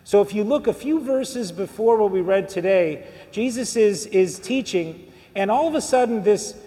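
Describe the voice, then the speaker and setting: A man's voice: high-pitched, animated, a little slow, warm tone, long reverb tail. A man giving a conversational sermon to his congregation, asking them questions as he goes. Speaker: priest. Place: church.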